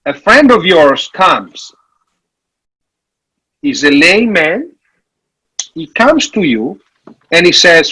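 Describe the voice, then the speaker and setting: A man from Italy, giving a frank, animated workshop talk on finances with some jokes. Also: fairly high pitch, takes it slowly, pauses often, slightly rough, rough recording. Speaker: workshop speaker on parish finances. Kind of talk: conference presentation.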